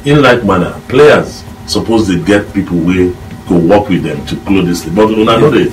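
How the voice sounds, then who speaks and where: Very low-voiced Nigerian Pidgin man, emphatic pundit, mic distant, faint noise. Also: expressive, moderate pace. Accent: Nigerian Pidgin English. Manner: emphatic, lecturing. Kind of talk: studio discussion.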